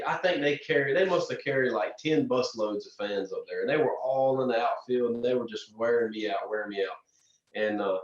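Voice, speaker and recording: A young man, a racer guest telling animated stories in a casual interview. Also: mid-range voice. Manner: animated storyteller, frequent restarts and "man". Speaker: drag racer and podcast guest. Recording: distant, roomy, dull lo-fi sound.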